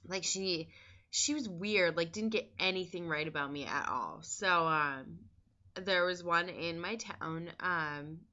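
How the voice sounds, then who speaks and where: A woman vlogger chats candidly in a casual diary style, filling pauses with ums and likes. Her voice sits a little low but has a bright, forceful edge. The recording is dull and lo-fi. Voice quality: chatty, filler-heavy and candid.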